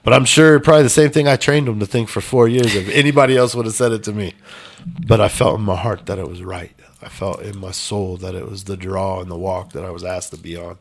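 A man's voice: lowish voice, steady tone, brisk, vocal fry. A man telling a personal story in a casual interview, blunt and emphatic with some swearing. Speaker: podcast guest.

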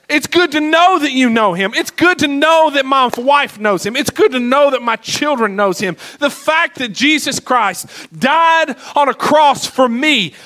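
Brief: male pastor preaching a sermon, high bright voice, passionate delivery. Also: low-quality recording. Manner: impassioned preaching, swinging between loud and hushed.

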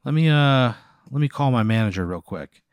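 A man's voice: medium pitch, lively intonation, moderate pace, clean tone, no echo, natural voice. A man voicing a nosy, eager young male shop clerk who talks in a curious, chatty way.

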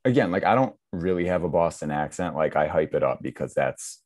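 A man's voice: extremely low pitch, animated, a little fast, darkish tone. A young man from Massachusetts with a mild local accent, a guest chatting casually in a laid-back, rambling way. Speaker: guest, TikTok creator. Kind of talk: casual chat.

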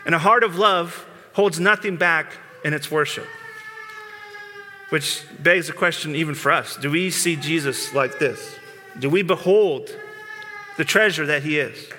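A man gives an earnest, informal sermon as a pastor, sometimes stumbling and repeating words as he goes. His voice sits high and sounds tense and bright. The sound carries a long reverb of a large church sanctuary. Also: measured pace, a little hiss or hum. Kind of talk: conversational sermon.

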